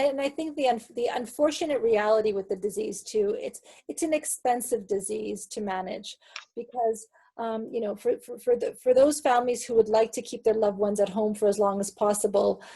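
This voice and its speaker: A woman guest in an interview, a caregiver coach who talks in an earnest, halting way with many restarts. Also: on the high side, fairly even intonation, warm tone, breathy edge. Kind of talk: casual interview chat.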